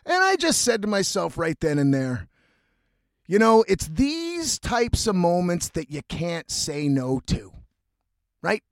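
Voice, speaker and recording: A man's voice: high voice, wildly swooping pitch, takes it slowly, no echo. A man telling a rambling, profane story in a casual way, speaking as the host of his own show. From Canada.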